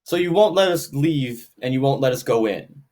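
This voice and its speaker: A man's voice: mid-range voice, lively intonation, moderate pace, darkish tone, pitched above the performer's own voice, close to an everyday voice. A man putting on a hesitant, stammering voice for a nervous, pleading adventurer.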